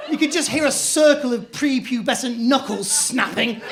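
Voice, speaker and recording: A man doing stand-up comedy on a club stage, telling stories in an animated way and slipping into voices. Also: very high voice, normal speed, heavy background noise. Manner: animated storytelling, shifting into acted-out voices. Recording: live comedy club with audience laughter.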